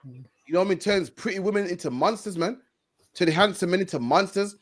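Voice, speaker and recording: A man with a fairly high voice preaches on a stream. He hammers his points through repetition and ends his phrases with "man.". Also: expressive, a little fast. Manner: preachy, repeats "man" and "all you care about". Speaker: street preacher co-host. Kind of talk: stream discussion.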